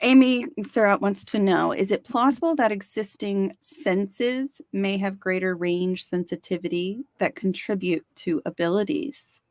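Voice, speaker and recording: A woman's voice: mid-range voice, fairly even intonation, a little slow, few pauses, no echo, studio quality. A woman co-hosting a podcast, asking a guest questions attentively. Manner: attentive, asks questions, many short backchannels. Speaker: podcast co-host. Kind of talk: interviewing a guest.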